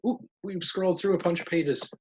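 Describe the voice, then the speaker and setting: A man's voice: sits high, a little fast. A man leading a casual life-skills lesson at home with his children, asking questions and praising their answers. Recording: dull lo-fi sound with faint noise.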